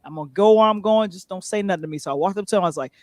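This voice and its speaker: A woman's voice: mid-range voice, rapid-fire, darkish tone, no echo. A middle-aged woman hosting a live talk show, telling stories animatedly and reading out viewer comments, with a New York accent. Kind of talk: casual live-stream chat.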